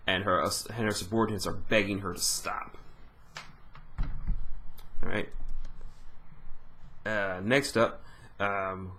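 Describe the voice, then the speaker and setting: Low-voiced man rambling through a recap. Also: steady tone, slow, pauses often, pushed and bright. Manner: rambling, informal, self-correcting. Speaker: manga reader and recapper. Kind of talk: casual chapter recap.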